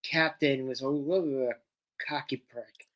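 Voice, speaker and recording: Chatty fan co-host, mid-pitched voice. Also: fairly even intonation, moderate pace, a bit bright. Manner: chatty, enthusiastic fan banter. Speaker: podcast co-host. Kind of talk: casual watch-along chat.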